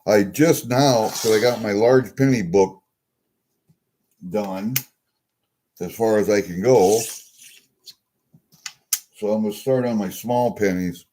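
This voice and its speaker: Speaking slowly with long pauses, a coin collecting vlogger with a lowish, warm male voice goes through coins from a package he just opened. He's chatty and easily delighted, muttering to himself in casual unboxing talk, and there's a slight hiss or hum.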